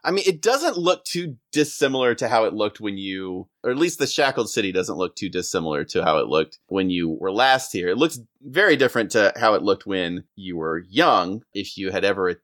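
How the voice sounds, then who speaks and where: A man's voice: fairly low pitch, animated, normal speed, few pauses, fairly bright tone. A man narrating as game master of a tabletop role-playing game, describing scenes in a meandering, hesitant way.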